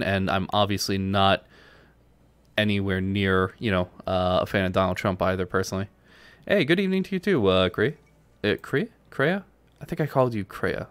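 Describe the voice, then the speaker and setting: A man from New York talks through a strategy game on a live stream, answering viewers between moves. His voice sits on the low side and comes across close and dry, with no room sound. He keeps it casual and conversational. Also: clear, resonant tone, dry recording.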